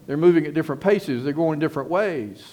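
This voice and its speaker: A man's voice: a little high, animated, fast talker, darkish tone. A middle-aged man preaching a sermon as pastor, earnest and emphatic, repeating his points and restarting phrases.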